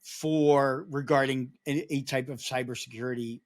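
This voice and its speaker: A man's voice: mid-range voice, fairly even intonation, normal speed. A man speaking as a podcast guest, explaining his points at length in a conversational, storytelling way. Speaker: podcast guest, security awareness advocate. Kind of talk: podcast interview.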